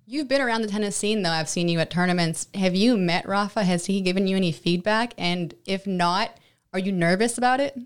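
A woman's voice: medium pitch, a little fast, clear, resonant tone. Enthusiastic woman hosting a podcast. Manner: enthusiastic, effusive. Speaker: podcast host. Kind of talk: casual podcast interview.

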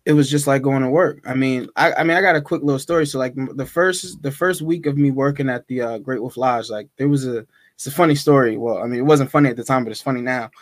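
A man guest on a podcast, telling a story in a chatty, animated way with lots of fillers. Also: medium pitch, quick pace, no echo. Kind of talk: casual storytelling.

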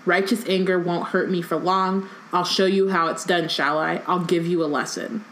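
A woman reading as a cruel, gloating dark witch. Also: fairly low pitch, flat delivery, moderate pace, reverberant, a little hiss or hum, low-quality recording. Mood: taunting. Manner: taunting, sneering.

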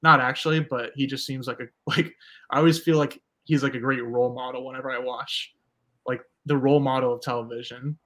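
A man's voice: medium pitch, steady tone, a little fast, a bit bright. A man co-hosting a podcast, chatting in a laid-back way with many filler words. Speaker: podcast co-host. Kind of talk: casual chat.

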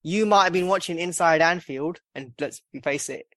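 Joking podcast host. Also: male voice, fairly high pitch, moderate pace, fairly bright tone, dry recording. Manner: jokey, swears, laughs at own jokes. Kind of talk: casual banter.

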